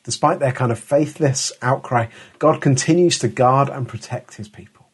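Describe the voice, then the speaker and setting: A man's voice: mid-range voice, moderate pace, breathy edge. A middle-aged man preaching a sermon in an earnest, emphatic way, often restarting his words.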